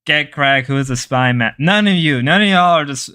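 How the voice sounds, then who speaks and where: Bright, forceful and crisply clear, this man's somewhat high, expressive voice moves at a normal speed as he hosts a livestream. A native Spanish speaker, he rambles and banters loosely with his chat, now and then dropping into mock voices for fun.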